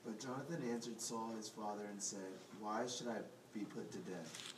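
Male group member, lowish voice, steady scripture reading, off-mic with noisy room. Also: moderate pace. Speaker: scripture reader in a study group. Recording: distant from the mic with room noise.

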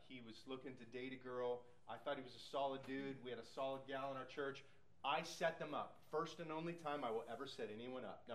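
A middle-aged male pastor preaching and leading a Bible study, telling stories with acted quotes. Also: mid-range voice. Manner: animated storytelling with acted quotes.

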